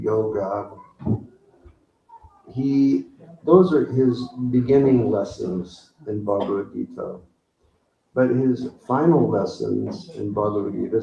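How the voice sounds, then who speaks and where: A man giving an evening spiritual talk as a guru, gentle and unhurried, often pausing and quoting scripture to a gathered audience. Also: fairly low pitch, gravelly. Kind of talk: sermon. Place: hall during an evening program. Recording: roomy, distant, dull lo-fi recording with faint noise.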